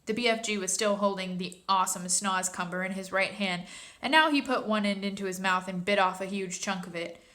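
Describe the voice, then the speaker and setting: A woman reads a children's storybook aloud in a gentle, expressive way. Her tone is bright and forward. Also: medium pitch, brisk. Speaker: narrator.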